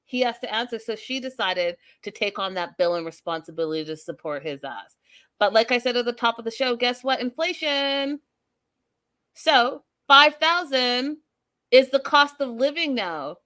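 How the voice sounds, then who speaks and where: A woman's voice: fairly high pitch, expressive, moderate pace, bright, forceful tone. A woman hosting a casual recap show, blunt, sassy and profane. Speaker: host.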